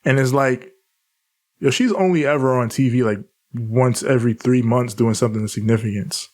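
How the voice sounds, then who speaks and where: A man's voice: mid-range voice, normal speed, darkish tone. A man co-hosting a casual wrestling podcast, speaking bluntly and profanely. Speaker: podcast co-host. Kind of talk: casual wrestling recap chat.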